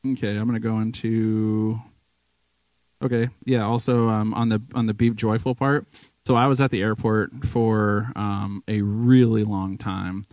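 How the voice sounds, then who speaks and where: A man's voice: fairly low pitch, flat delivery, unhurried, darkish tone, dry recording, rough recording. A man sharing casual testimony stories in a church, acting out the people he quotes. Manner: storytelling, acts out quoted people. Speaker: guest speaker at church. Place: church sanctuary.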